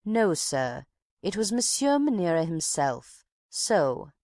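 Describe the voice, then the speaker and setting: A woman's voice: lowish voice, very animated, slow, darkish tone, no echo, studio quality, heavily acted. A woman reading an audiobook, voicing a talkative older woman box-keeper who tells her tale with drama and takes offence easily. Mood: indignant. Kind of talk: audiobook character voice.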